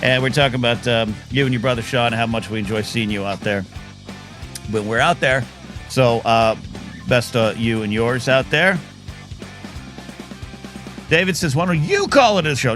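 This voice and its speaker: A man's voice: medium pitch, animated, moderate pace, long pauses, a bit bright, soft background music. A man in his fifties hosting a live talk show, rambling and jokey with bursts of mock outrage. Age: 50s.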